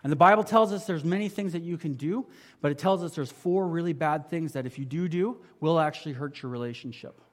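A man preaching a sermon in a conversational way, asking the congregation rhetorical questions and moving between emphatic and quiet passages. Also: fairly quick. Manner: swings from emphatic to quiet and low. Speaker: pastor.

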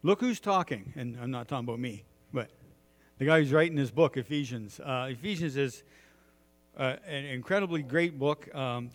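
A man's voice: mid-range voice, in a large hall. A middle-aged man, preaching a sermon in a folksy storytelling way with many filler words.

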